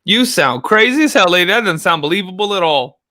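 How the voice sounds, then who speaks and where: A man's voice: sits high, lively intonation, brisk, crowd noise. A man hosting a live true crime reaction stream, talking bluntly to his chat. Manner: loud, blunt, talks to chat.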